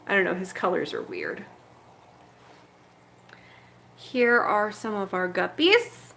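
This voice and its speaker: A woman's voice: medium pitch, sing-song, slow pace, gravelly, pushed and bright, slight background noise. A woman hosting a casual livestream from her home fish room, chatting fondly and cooing at her fish while carrying the camera around. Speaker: betta fish breeder and channel host. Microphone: handheld camera moved around the room.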